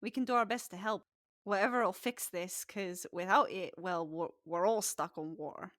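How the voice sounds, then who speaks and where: A woman voicing a gruff old male ship captain who blusters and makes joking threats. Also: mid-range voice, normal speed, a bit bright, dry recording, studio quality, lightly acted. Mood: matter-of-fact.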